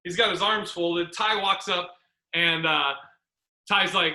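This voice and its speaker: A man hosting a podcast, telling comedy road stories in a rambling, animated way and acting out the people he quotes. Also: sits high, normal speed. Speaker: podcast host. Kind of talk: casual storytelling chat. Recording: roomy echo.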